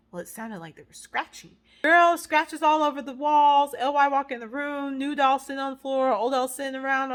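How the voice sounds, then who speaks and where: Chatty woman recapping a movie. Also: sits high. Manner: animated and chatty, with dramatic asides. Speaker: movie reviewer. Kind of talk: casual movie recap vlog.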